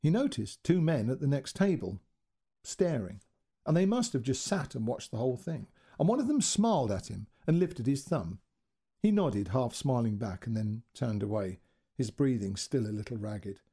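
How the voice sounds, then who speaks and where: Guy reading a short story out loud, husky and dark, really lively dramatic delivery. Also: mid-range voice, moderate pace. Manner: expressive, dramatic reading with swings between hushed and raised passages. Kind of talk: scripted story narration.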